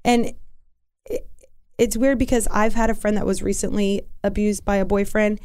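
A woman's voice: medium pitch, steady tone, moderate pace, darkish tone, clear, resonant tone. Rambling young woman telling her story. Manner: rambling, many fillers and restarts. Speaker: guest. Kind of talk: casual interview storytelling.

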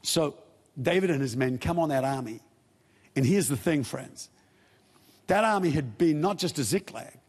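Husky-voiced man preaching in a hall. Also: a little high, a little mellow. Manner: storytelling, retells scripture in casual modern words. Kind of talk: sermon.

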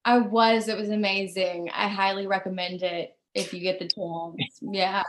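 A woman performer speaking slowly at a middle pitch over a video call. Her answers are wry and often break into a laugh. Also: little pitch movement, a little hiss or hum, rough recording. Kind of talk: Q&A chat.

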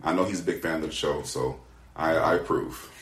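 A man's voice: a bass voice, steady tone, a little fast. A man co-hosting a podcast, laid-back and joking in casual chat. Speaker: podcast co-host. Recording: echoey room.

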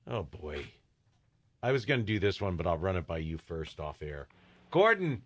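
A male radio host running a live call-in joke segment, jovial and quick to laugh. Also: low-pitched, sing-song, dry recording. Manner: jovial, laughs easily, repeats the phone number. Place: radio studio. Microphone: studio microphone.

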